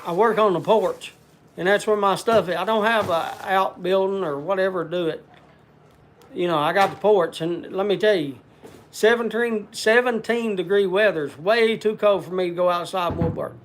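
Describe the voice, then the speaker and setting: Man, higher voice, folksy rambling host, lots of uh fillers, chatting to viewers. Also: moderate pace, slight background noise. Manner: rambling, reads off viewer names with many "uh" fillers; chatty and folksy, talks to the audience by name. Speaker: livestream host. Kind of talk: casual livestream chat.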